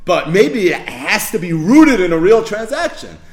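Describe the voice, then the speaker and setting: Lively man teaching Talmud, echoey room. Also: high voice, normal speed. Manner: acts out both sides of the case in story voices; mixes Hebrew and Yiddish terms into English. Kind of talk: animated Talmud class.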